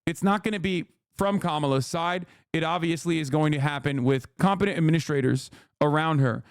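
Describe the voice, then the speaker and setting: A man streams political reactions, ranting with profane, fired-up energy. His voice sits high, with a smooth, clear tone. The sound is dry and close. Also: a little fast, no echo. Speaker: streamer host. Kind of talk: live political reaction commentary.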